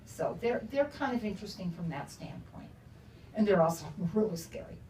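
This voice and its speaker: A woman's voice: mid-range voice, animated, moderate pace, warm tone, slight background noise. An older woman author telling chatty stories to an audience at a book event, laughing often. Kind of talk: casual storytelling to an audience. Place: bookstore event room. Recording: roomy, from a distance, faint ambience.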